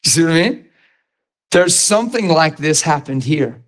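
Animated pastor, fairly high voice. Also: male voice, moderate pace. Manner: conversational, animated preaching with asides to the congregation and chuckles. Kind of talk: sermon.

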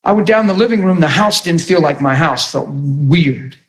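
A man's voice: a little high, lively intonation, moderate pace, roomy sound. A man preaching a sermon in a conversational, emphatic way, often repeating words as he starts a thought.

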